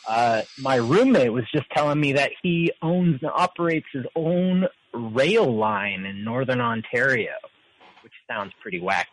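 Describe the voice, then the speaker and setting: A man's voice: medium pitch, a little slow, poor audio. A man calling in to a talk show, talking in a hesitant, stammering, easygoing way. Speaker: caller. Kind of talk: casual phone-in chat.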